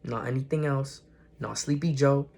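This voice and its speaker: A man's voice: mid-range voice, fairly even intonation, moderate pace, vocal fry, darkish tone. A young man vlogging casual spiritual encouragement, earnest and slangy, often repeating and correcting himself. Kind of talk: casual motivational talk to camera.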